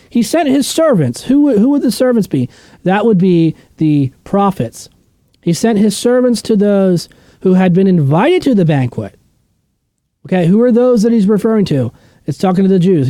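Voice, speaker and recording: A man's voice: high-pitched, warm tone, dry recording. A man teaching a casual Bible study, blunt and opinionated, often asking questions and answering them himself.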